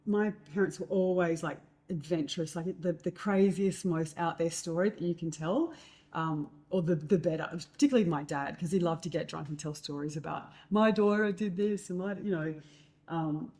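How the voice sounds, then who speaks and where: A woman telling stories in a casual chat, lively and acting out other people's lines. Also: normal speed. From Australia. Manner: animated storyteller, acts out quotes in a higher voice. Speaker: host.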